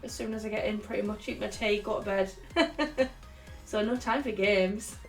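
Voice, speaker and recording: A woman's voice: medium pitch, moderate pace. A woman co-hosting a casual chat, chatty and often giggling. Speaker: co-host. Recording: a bit distant from the mic with faint music.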